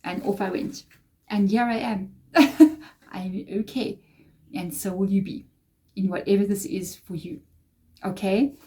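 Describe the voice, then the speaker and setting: A woman's voice: mid-range voice, mellow. A woman giving a tarot reading to her viewers, earnest and reassuring, often repeating phrases for emphasis. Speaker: tarot reader.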